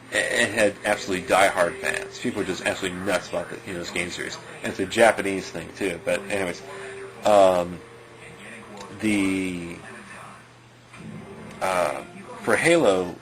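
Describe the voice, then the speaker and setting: A man's voice: sits low, fairly even intonation, moderate pace, pauses often, a crowd in the background, rough recording. A man giving loose, rambling spoken commentary, leaning on fillers and chuckling now and then. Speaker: video commentator.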